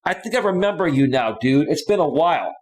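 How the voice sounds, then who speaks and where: A man's voice: fairly high pitch, lively intonation, brisk. A man hosting a live stream, casually chatting and reading out viewer comments and donations. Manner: laid-back, says "bro" and "man" often.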